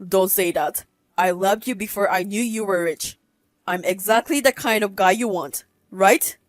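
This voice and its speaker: A woman's voice: medium pitch, normal speed, no echo, pitched below the performer's own voice, close to an everyday voice. A woman voicing a scheming young man in his early thirties who begs and wheedles after being caught lying. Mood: wheedling. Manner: wheedling, begging for forgiveness.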